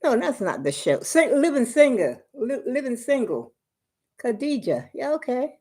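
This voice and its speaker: A woman's voice: sits high, very animated, moderate pace, dark tone. An older woman chatting casually on a live stream, homey and talkative, calling her viewers y'all, a little out of breath. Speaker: vlogger.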